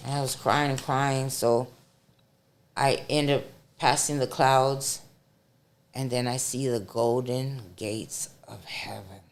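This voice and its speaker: Middle-aged woman, podcast guest, slow and gravelly, animated storyteller. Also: a bass voice. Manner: animated, dramatic retelling. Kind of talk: storytelling in casual chat.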